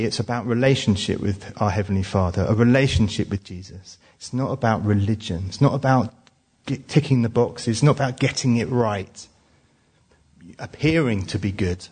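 Preacher, male, 40s, husky, chatty storytelling sermon. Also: lowish voice, lively intonation, moderate pace, a little mellow. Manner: conversational, frequent restarts and "uh" fillers. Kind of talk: sermon with personal stories.

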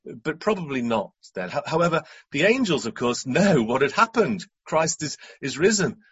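A man's voice: a little high, sing-song, normal speed, fairly bright tone, breathy edge, dull audio. A man preaching a sermon in a reflective way, often asking rhetorical questions.

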